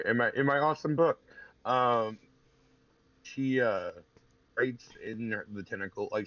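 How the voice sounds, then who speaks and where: A man describing his character's actions in a tabletop game in a halting way, on a muffled recording. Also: fairly low pitch, bright, forceful tone, no echo. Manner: halting, with restarts. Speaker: player. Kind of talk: casual tabletop game chat. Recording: muffled lo-fi audio.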